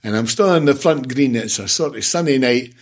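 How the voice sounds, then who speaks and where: A man's voice: mid-range voice, lively intonation, a little fast. A Scottish man in his seventies, a former football manager, telling stories in a casual interview, blunt and swearing freely with laughs between. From Scotland. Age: 70s.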